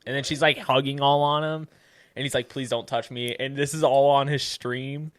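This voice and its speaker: A young man co-hosting a loose, casual podcast. He tells stories with lots of swearing and frequent laughter. His voice sits at an ordinary middle pitch. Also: normal speed, no room sound, clean studio sound. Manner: laughs often, swears, animated storytelling. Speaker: podcast co-host. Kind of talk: casual chat.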